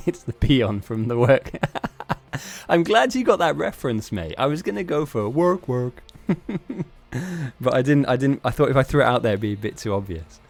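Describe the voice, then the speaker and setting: A man's voice: medium pitch, expressive, normal speed, vocal fry. A man hosting a live-streamed game tournament, chatting casually in a rambling, self-mocking way with frequent laughs.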